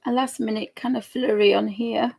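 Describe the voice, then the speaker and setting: Chatty woman with a gravelly voice. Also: fairly high pitch, steady tone, normal speed, a little mellow. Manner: chatty and giggly, rambling. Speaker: digital artist streamer. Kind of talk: casual chat while drawing live.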